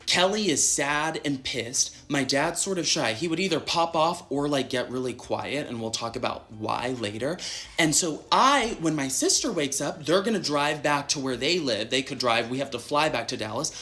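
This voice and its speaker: A man's voice: a little high, animated, sharp tone. A man in a played clip telling a personal story in a chatty, dramatic way, acting out what others said. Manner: chatty, quick, dramatic retelling with acted-out quotes. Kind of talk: casual storytelling in an interview clip.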